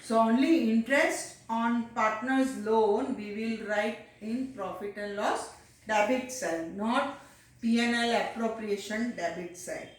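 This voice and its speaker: A woman teacher with an Indian English accent walking a class through accounts step by step, often pausing with "uh" and "okay". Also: fairly high pitch. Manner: explains step by step, addresses children, frequent "uh" and "okay". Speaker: commerce teacher. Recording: echoey room, far from the mic.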